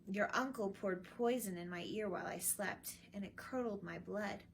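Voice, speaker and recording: A woman voicing the ghost of a dead king, speaking slowly in a solemn, hollow voice for a storybook reading. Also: medium pitch, a little hiss or hum, close to an everyday voice. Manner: slow, grave, hollow delivery.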